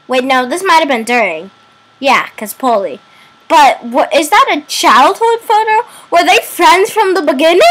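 High, lively young woman reacting to a game. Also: a little slow, low-quality recording. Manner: expressive, emotional exclamations. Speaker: gaming YouTuber.

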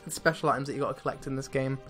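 Brief: young male let's-player, mid-pitched, hyped and profane, faint game music behind. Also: rapid-fire. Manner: excitable, swears a lot, laughs often. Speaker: let's play gamer. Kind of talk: casual gameplay commentary.

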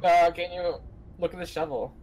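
A man's voice: on the high side, steady tone, moderate pace, a little mellow. A man teasing his friends and goofing around in a casual game commentary. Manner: goofy, teasing. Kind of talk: casual let's play banter.

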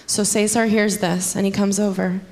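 A woman's voice: flat delivery, moderate pace. Young woman doing stand-up, teasing crowd. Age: young adult. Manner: chatty, teasing the crowd, sudden high squeals in bits. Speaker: stand-up comedian. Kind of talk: stand-up comedy set. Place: comedy club stage. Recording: loud background noise from audience.

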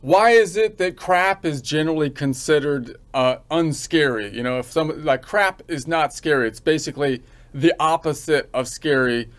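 A man practicing a stand-up joke alone, rambling through it with a mock-serious, deadpan delivery and many restarts. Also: on the high side, moderate pace. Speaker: accounting instructor practicing a joke.

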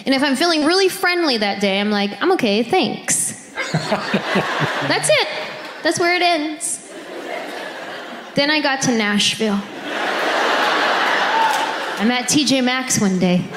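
A woman's voice: high-pitched, animated, unhurried, pauses often, heavy background noise. A woman doing a stand-up comedy routine, telling a chatty story on stage. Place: stage before a live audience. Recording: echoey hall recording, loud crowd.

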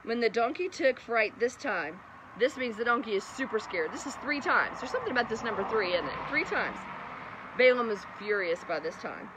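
A woman's voice: fairly high pitch, big pitch swings, moderate pace. A woman telling a bedtime Bible story in a chatty way, with lots of laughing asides, over outdoor traffic noise. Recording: noisy outdoor background with traffic.

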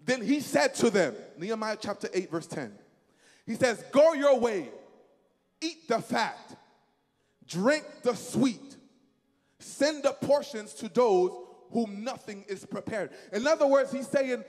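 High, animated preacher man in a reverberant hall. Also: a little slow. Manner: emphatic, repeats phrases, leads the congregation in call-and-response. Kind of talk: sermon.

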